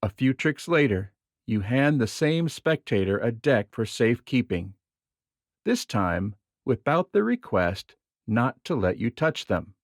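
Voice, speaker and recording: A man reading a nonfiction book on magic theory aloud in a measured, expressive way. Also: medium pitch, dry recording, clean studio sound.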